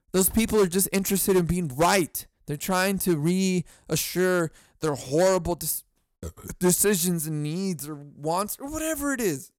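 A man's voice: a little high, clean tone, dry recording, clean studio sound. A young man hosting a solo comedy podcast, telling rambling stories full of swearing. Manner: profane rambling storytelling. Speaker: podcast host.

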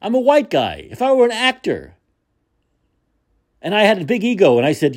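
A man's voice: high-pitched, huge pitch swings, normal speed. A man hosting a podcast, delivering a combative, sarcastic opinion monologue. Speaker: podcast host.

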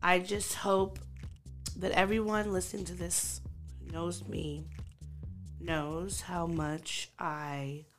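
A chatty woman from the New York area, co-hosting a podcast in casual, expressive talk. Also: fairly low pitch, takes it slowly, soft background music. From New York or Long Island. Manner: chatty, expressive, talks with her hands. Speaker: podcast co-host. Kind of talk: casual chat.

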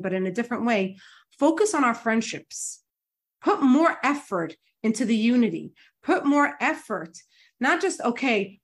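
A woman guest who teaches classes, talking in a chatty way with self-correcting, apologetic asides over a video call. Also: on the high side. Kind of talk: casual conversational interview.

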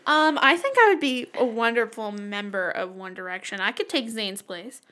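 A woman co-hosting a casual comedy podcast, talking close to the mic. Her voice is quite bright and sits a bit high, and she keeps cracking self-deprecating jokes and laughing. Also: expressive, normal speed. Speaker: podcast co-host. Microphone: close microphone.

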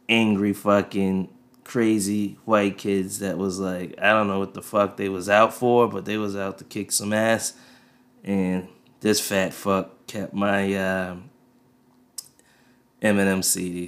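A man in his thirties hosts a podcast into a desk USB mic, his voice low-pitched and a bit bright. He tells a rambling, laid-back story packed with profanity, with faint music playing underneath.

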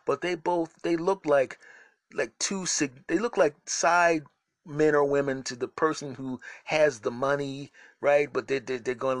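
A man's voice: medium pitch, dry recording. A man hosting a solo podcast, telling funny stories in a rambling, self-mocking way. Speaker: podcast host and comedian. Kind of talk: comedic solo storytelling.

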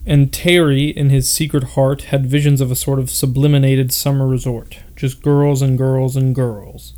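A man's voice: mid-range voice, little pitch movement, normal speed, dark tone. A man reading an old novel aloud for his podcast, breaking off now and then to puzzle over odd words. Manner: stops to comment on odd words. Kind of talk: casual read-aloud with asides.

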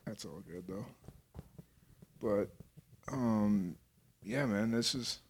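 A man hosting a casual music podcast, relaxed, asking his guests questions. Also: lowish voice, slow, gravelly, breathy edge. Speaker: podcast host. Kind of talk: casual interview.

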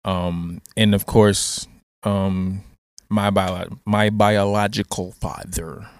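A young man co-hosting a casual podcast, soft-spoken and hesitant, with many pauses and words of agreement. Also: on the low side, steady tone, no echo. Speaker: podcast co-host. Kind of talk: casual chat.

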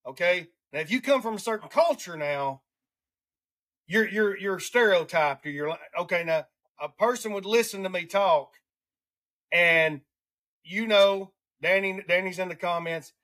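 A man's voice: sits high, fairly bright tone. A man from Alabama with a Southern accent, hosting a casual podcast chat and rambling through his points with frequent restarts. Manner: rambling, restarts often, drawn-out emphasis. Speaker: podcast host.

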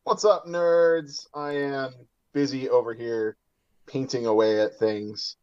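A man guesting on a casual hobby podcast, relaxed and enthusiastic, laughing easily. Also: mid-range voice, slow, smooth, dry recording, highs cut off.

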